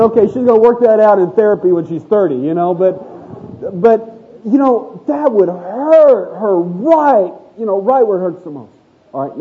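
A man's voice: high-pitched, husky. A middle-aged man preaching a sermon in a conversational, storytelling way, asking the congregation questions. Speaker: pastor. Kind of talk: sermon with audience interaction. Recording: thin phone-like audio.

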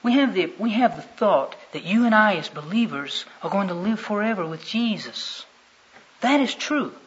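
A man preaching a sermon, with dramatic swings from hushed to loud. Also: high-pitched, lively intonation, moderate pace, slightly rough. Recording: dull lo-fi recording.

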